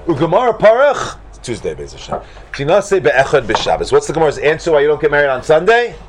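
A man teaching a Talmud class to students, asking them question after question in an animated way. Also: fairly high pitch, fast, a little hiss or hum. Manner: animated, questioning, mixes Hebrew and Aramaic terms.

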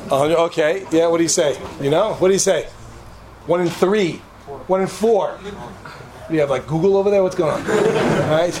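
High-voiced man telling a joking story. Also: normal speed, a crowd in the background. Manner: animated, joking, lots of restarts and asides. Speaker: speaker telling a personal story to an audience. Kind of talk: storytelling talk to a live audience. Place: room with a live audience.

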